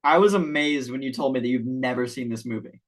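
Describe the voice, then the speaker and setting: Man, podcast guest, casual chat, low-key, brief laid-back replies, mid pitch. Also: fairly quick.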